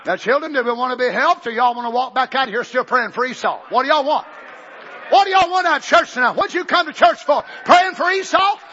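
A male preacher, shouting a fiery revival sermon to a church service and acting out the voices he quotes. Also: extremely high pitch, a little fast, a little hiss or hum. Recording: dull lo-fi church tape.

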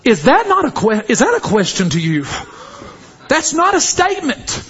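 A man preaching a sermon, fervent and often shouting, with repeated exhortations to the congregation. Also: very high-pitched, wildly swooping pitch, moderate pace, breathy edge. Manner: fervent, shouting exhortation with call-and-response phrases. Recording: dull lo-fi recording.

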